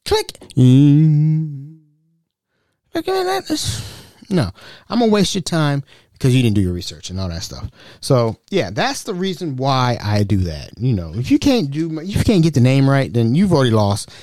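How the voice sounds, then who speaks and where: Guy ranting on his podcast, super lively up-and-down voice, dry close sound, keeps repeating himself. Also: fairly quick, dry recording. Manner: animated ranting, repeats words, mocks callers in high voices. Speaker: podcast host. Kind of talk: casual podcast monologue.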